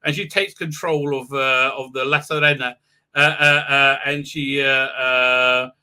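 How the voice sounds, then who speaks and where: A man's voice: medium pitch, steady tone, measured pace, sharp tone, smooth. A man hosting a casual livestream recap, rambling with many fillers and acting out characters in mocking silly voices. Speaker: livestream host reviewing a TV episode.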